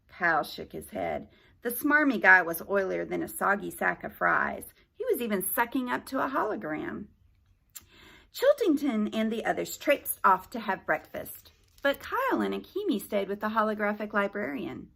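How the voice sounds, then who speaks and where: A woman reads a children's novel aloud as a library storyteller, pausing for chatty asides to her young listeners. Her voice is bright and lively, a little high, with a gravelly edge. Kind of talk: reading a novel aloud with chat.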